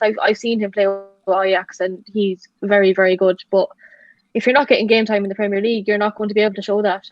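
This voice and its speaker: A woman's voice: medium pitch, no room sound. Woman on a dull, lo-fi call. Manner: earnest, measured opinions with fillers. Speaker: guest. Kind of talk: casual football chat.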